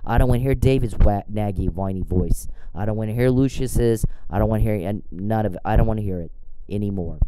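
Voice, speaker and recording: A man's voice: lowish voice, noisy background. A man talking in a casual, blunt and profane rant, sounding exasperated. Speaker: commentator.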